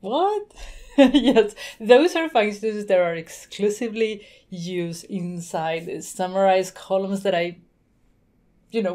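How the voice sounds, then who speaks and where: A woman talks through a screen-recorded software tutorial at her desk mic. She is chatty and easygoing, and she thinks aloud as she goes. She laughs now and then, and her voice sits at an ordinary middle pitch. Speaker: tutorial host.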